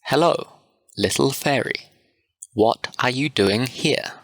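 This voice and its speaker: A man's voice: mid-range voice, slow pace, a bit bright, no echo, rough recording. A man reading the part of a mischievous male sprite who serves a fairy king, in a gossipy, informative manner, in a storybook reading.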